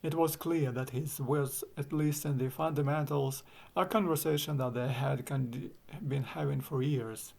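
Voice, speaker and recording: A man narrating an audiobook with wry, dry humor. His voice has a gravelly, creaky texture. His delivery is measured and unhurried in a mid-range pitch. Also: fairly even intonation, darkish tone. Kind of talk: audiobook reading.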